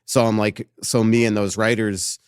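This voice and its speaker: A man hosting a podcast in front of a live audience, telling animated stories and acting out what people said. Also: on the low side, moderate pace, smooth, no echo, clean studio sound. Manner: animated storyteller, acts out quotes. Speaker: podcast host and hockey writer. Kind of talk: casual chat before a live audience.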